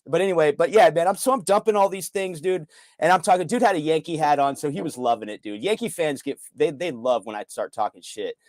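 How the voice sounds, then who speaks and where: A man talking in an excited, casual way as a sports fan co-host, loud and hyped, swearing and swinging his voice up and down. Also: fairly high pitch, fast, no echo.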